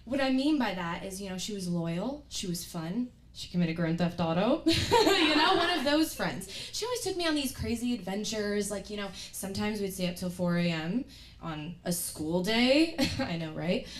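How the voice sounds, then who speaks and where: A young woman telling a comic personal story on stage, acting out scenes and yelling at the wild moments. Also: mid-range voice, normal speed. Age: young adult. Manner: animated, acts out scenes with loud yells. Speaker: student performer. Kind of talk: stand-up storytelling. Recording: roomy stage audio from a distant mic.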